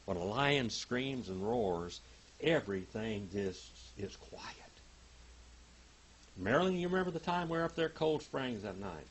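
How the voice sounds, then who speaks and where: A man's voice: fairly low pitch, a little hiss or hum. An older man teaching a Bible class, telling stories dramatically and reading Greek aloud word by word. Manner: dramatic, emphatic storytelling with big swings in loudness.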